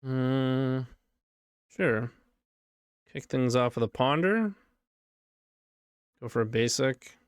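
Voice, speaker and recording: Talking through a live card game, this streamer reacts casually to each play as it happens. He speaks slowly with frequent pauses in an expressive, medium-pitched voice that's clear and resonant, with clean studio sound and no room noise.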